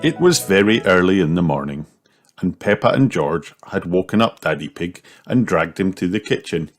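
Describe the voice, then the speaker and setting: A man reading a children's storybook aloud with an expressive storytelling lilt. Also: sits low, moderate pace, faint music behind. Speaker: narrator.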